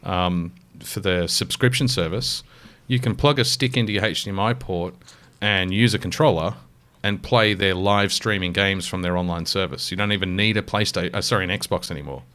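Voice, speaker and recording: Australian male co-host, slightly low voice, enthusiastic and rambling, casual swearing. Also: normal speed, few pauses, bright, forceful tone. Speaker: podcast co-host. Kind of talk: casual chat.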